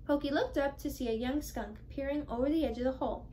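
A woman's voice: sits high, fast, dark tone, slight background noise. Teenage girl reading a storybook. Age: teens. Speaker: storybook reader. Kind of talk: children's read-aloud.

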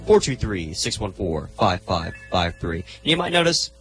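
A man's voice: sits low, very animated, moderate pace, fairly bright tone, faint music behind. A man filling in to introduce a local radio show, chatty and self-deprecating. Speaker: fill-in radio show announcer. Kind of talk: radio announcing. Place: radio studio.

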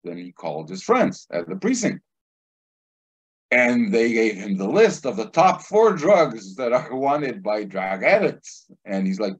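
A man, a cannabis instructor telling an anecdote in an animated way, acting out the quotes. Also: medium pitch, measured pace, breathy edge, low-quality recording. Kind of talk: casual anecdote storytelling.

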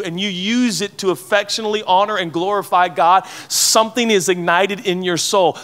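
A man's voice: high voice, fairly bright tone. A man in his thirties, a pastor preaching a sermon at a conference in a conversational, playful way, often asking the audience questions. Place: conference hall before a live audience.

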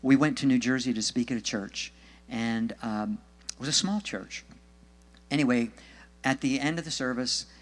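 Man preaching, telling stories all earnest n pushing folks to share faith, echoey hall sound. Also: mid-range voice. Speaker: Christian author and speaker. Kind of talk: testimony storytelling sermon.

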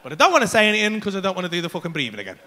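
A man telling an animated, sweary story as a stand-up comedian on a club stage, acting out other people's voices and his own panic. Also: high voice, very fast, slight background noise. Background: audience laughter.

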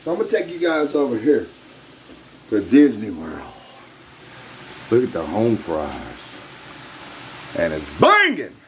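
A man's voice: lowish voice, sing-song, a little slow, long pauses, warm tone, slight background noise. A man hosting his own home cooking video, hyped up and talking straight to his viewers in a casual way from his kitchen.

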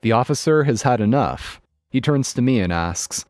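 A man narrating a written story in a steady scripted read. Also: medium pitch, normal speed, dry recording, clean studio sound, faint music behind.

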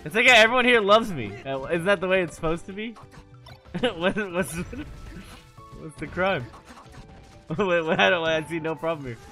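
Male streamer, casual chat, swinging expressive pitch, bright edgy tone, laughs a lot, curses freely. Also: brisk, faint music behind. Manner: animated, profane, laughs often. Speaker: gaming streamer.

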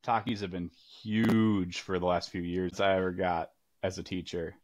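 A man's voice: low-pitched, little pitch movement, moderate pace, no echo. A man, a teacher, speaking as a podcast guest in an easygoing, hesitant way with many fillers. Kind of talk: casual interview chat.

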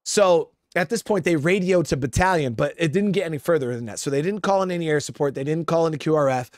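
A man with a slightly high voice tells a war story in a loose, rambling style, cursing freely and calling out to his listeners as guys. The sound is dry and close. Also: fast, dry recording. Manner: profane, rambling, keeps addressing listeners as guys. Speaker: Marine veteran storyteller. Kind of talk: casual spoken storytelling.

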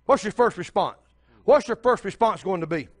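A man's voice: high-pitched, animated, moderate pace. An older man preaching a sermon as pastor, telling a story and speaking straight to the congregation.

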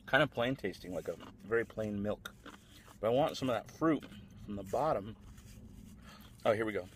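A man vlogging casually at a fast food restaurant, rambling and talking with his mouth full as he tastes a dessert. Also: fairly low pitch, expressive, a bit bright, a little hiss or hum. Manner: chatty, rambling, eating while talking. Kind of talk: casual food-tasting vlog.

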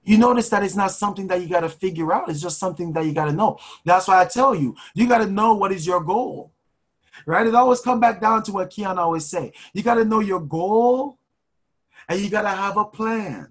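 A man's voice: high-pitched, fairly quick, rough recording. A man hosting a finance show, walking through a debt plan and then urging listeners to speak their goals aloud in a preachy, repetitive way. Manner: preachy, repeats phrases and rises to shouts. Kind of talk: motivational talk.

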